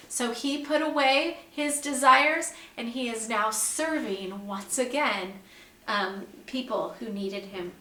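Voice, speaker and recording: A woman with a high, bright voice gives a Bible lesson to young children. She explains each point slowly and clearly and keeps asking them questions. The sound is echoey, as if recorded in a bare room. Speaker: second grade teacher.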